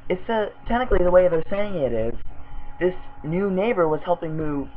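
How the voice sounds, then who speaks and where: A man's voice: high-pitched, lively intonation, moderate pace, soft background music. A man hosting a fan fiction review, reading the story aloud and nitpicking it with sarcastic exasperation. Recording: tinny, phone-like lo-fi recording.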